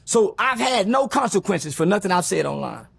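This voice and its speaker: Middle-aged man, raspy and gravelly, swooping animated pitch, blunt profane storytelling, dry close sound. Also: no room sound. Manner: blunt, profane, rapid recounting with acted-out quotes. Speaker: interview guest telling a story. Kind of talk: animated storytelling in a sit-down interview.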